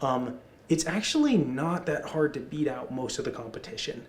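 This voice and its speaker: A man co-hosting a podcast, talking casually in a rambling, energetic way in an office conference room. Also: mid-range voice, normal speed, reverberant. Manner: rambling, energetic, restarts often. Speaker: podcast co-host.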